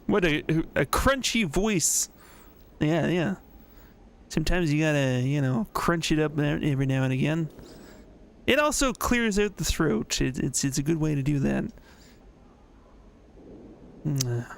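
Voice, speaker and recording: A man with a gravelly, slightly raised voice streams a game and chats as he plays. He thinks out loud and reads the game text aloud. A faint noise runs behind him. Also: on the high side, expressive, measured pace, long pauses. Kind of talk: casual let's-play commentary.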